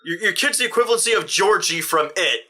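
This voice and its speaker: Bright-voiced young man ranting. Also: high-pitched, fast. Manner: animated, ranting, slips into impressions. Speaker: co-host reviewing a film. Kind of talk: casual chat.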